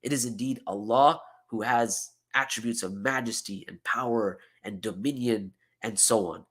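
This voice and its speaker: Bright-voiced man giving an emphatic lecture. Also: medium pitch. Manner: emphatic, animated explaining with frequent "okay?" and "right?". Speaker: seminar teacher.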